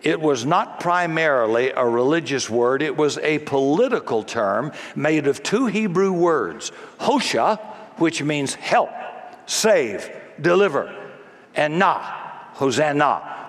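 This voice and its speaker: A man's voice: a little high, very animated, a little slow. A man preaching a sermon as pastor, dramatic, acting out crowd voices as he goes. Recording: long hall reverb.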